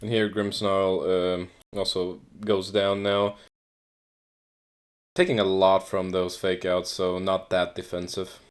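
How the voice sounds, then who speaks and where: A man's voice: sits low, flat delivery, slow. A young man co-hosting a podcast, casually and dryly breaking down competitive game matches. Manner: laid-back, dry, explains plays step by step. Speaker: podcast co-host. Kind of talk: casual gameplay commentary.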